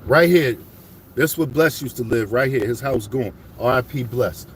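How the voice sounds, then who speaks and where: A man telling his life story to viewers as he drives around his old city neighborhood, animated and full of street slang. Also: medium pitch, moderate pace, a little hiss or hum.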